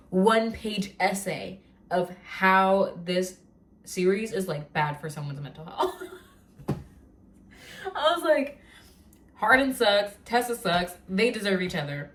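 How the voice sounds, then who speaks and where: Young woman vlogger, casual animated rant, everyday mid-range voice. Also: mid-range voice. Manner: animated, rambling rant with filler words. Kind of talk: casual chat.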